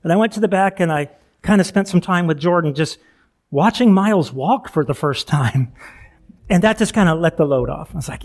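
A man's voice: on the high side, animated, fairly quick. A middle-aged male pastor giving a chatty sermon, full of asides, laughing at himself and restarting sentences.

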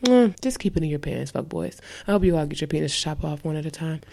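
A woman's voice: low-pitched, expressive, fast talker, gravelly, warm tone, slight background noise. Heated, profane woman podcast co-host. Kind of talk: ranting casual podcast talk.

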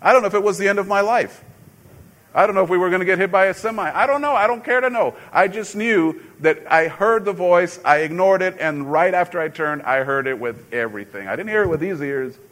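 A middle-aged man, a pastor, preaching a sermon in a conversational, storytelling way with sudden loud emphasis. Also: high voice, lively intonation, fairly quick.

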